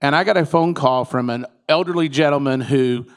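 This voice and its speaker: A man's voice: medium pitch, brisk. A man, a political candidate giving a chatty, joking conference speech. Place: conference room with audience.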